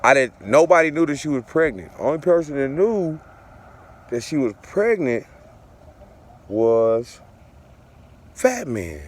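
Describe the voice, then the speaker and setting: A man's voice: fairly high pitch, very animated, takes it slowly, pauses often. A father telling a personal story in a casual, profane, repetitive way, looping back over the same phrases.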